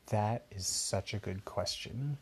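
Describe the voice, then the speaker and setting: A man's voice: lowish voice, takes it slowly, a little mellow, a little hiss or hum. A man patiently improvising a bedtime story for a child and explaining things along the way. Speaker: parent telling a bedtime story.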